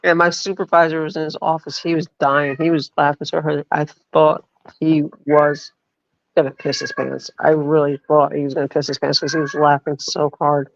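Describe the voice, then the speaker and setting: Woman streamer, chatty rambling storyteller, gravelly voice, close and dry on a lo-fi stream mic. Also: deep voice, little pitch movement, normal speed, no room sound. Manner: rambling, full of fillers, reads chat aloud. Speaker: livestream host. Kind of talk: casual storytelling on a livestream. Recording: dull lo-fi stream audio.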